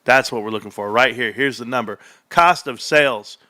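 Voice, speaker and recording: A man hosting a livestream, reading through financial numbers with loud, excitable exclamations to his viewers. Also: mid-range voice, moderate pace. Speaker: stock streamer.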